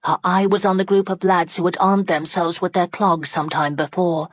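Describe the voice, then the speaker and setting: A woman narrating an audiobook in a steady, dramatic storytelling manner on a close microphone. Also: lowish voice, normal speed, no echo. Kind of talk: scripted narration.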